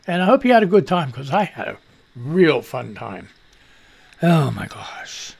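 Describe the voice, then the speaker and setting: A man's voice: on the high side, big pitch swings, measured pace, vocal fry, slightly rough. An older man hosting a live-stream news commentary show, ranting bluntly and with profanity, talking back to the clips he plays. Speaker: show host.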